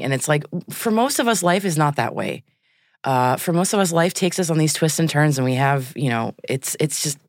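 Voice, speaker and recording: A woman's voice: a bass voice, no echo, clean studio sound. A young adult woman hosting a podcast, asking questions in an effusive, rambling way full of "like" and "you know". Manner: warmly effusive, rambling with fillers. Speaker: podcast host. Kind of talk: interview questions.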